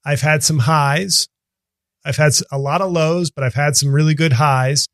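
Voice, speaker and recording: A man's voice: on the high side, fairly even intonation, moderate pace, no room sound, clean studio sound. A man in his forties, a comedian hosting a podcast, talking in a self-deprecating way and laughing easily. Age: 40s. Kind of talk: casual chat.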